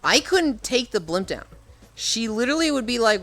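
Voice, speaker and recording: A man's voice: very high-pitched, big pitch swings, normal speed, vocal fry, a bit bright. A man chatting casually on a live stream. He rambles and sounds exasperated, with plenty of swearing.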